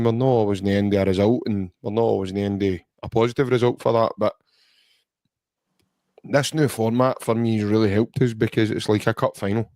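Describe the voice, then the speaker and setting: A man's voice: fairly low pitch, darkish tone, no echo. Scottish man, podcast host, casual banter, rambling, dry sound. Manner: chatty, jokey, rambling banter. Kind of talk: casual football podcast chat.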